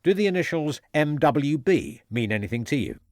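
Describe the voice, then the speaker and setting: A man's voice: fairly high pitch, big pitch swings, moderate pace, darkish tone, no echo, studio quality, voice pushed up. A man playing a stern police inspector. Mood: stern, pressing. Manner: firm, pressing, threatening. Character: stern, shrewd male police inspector interrogating a suspect. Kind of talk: audiobook character voice.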